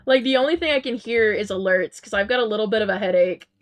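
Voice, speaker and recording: A medium-pitched woman talks quickly while streaming, reading her viewers' messages and chatting casually. She giggles often and restarts sentences with lots of ums, on a headset mic with faint game music in the background.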